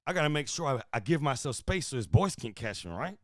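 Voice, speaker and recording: Guy from houston spinning a wild story, swearing, gets loud then quiet, dry close mic. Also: mid-range voice, fast, no room sound. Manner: animated, profane, swings from loud to hushed. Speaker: podcast host. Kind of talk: casual storytelling.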